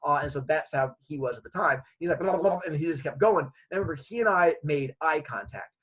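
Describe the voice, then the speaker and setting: Male storyteller, comedic and animated, slightly high husky voice. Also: fast, poor audio. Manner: animated, acting out scenes.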